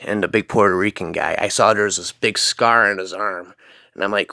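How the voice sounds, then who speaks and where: A man's voice: lowish voice, brisk, gravelly, sharp tone, no echo. A man telling a rambling spoken anecdote, peppering it with "man" and "freaking". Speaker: storyteller.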